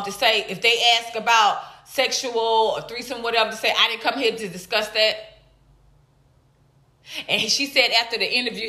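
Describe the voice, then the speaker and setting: A woman hosting a casual live stream, talking to viewers and breaking off to greet them in high, excited bursts. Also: roomy sound.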